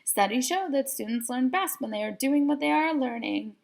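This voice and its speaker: A chirpy, know-it-all librarian in a children's storybook, always quoting studies, voiced by a woman reading aloud. The voice is high and a little gravelly, bright and sure of herself. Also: expressive, normal speed. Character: quirky woman librarian fond of citing studies.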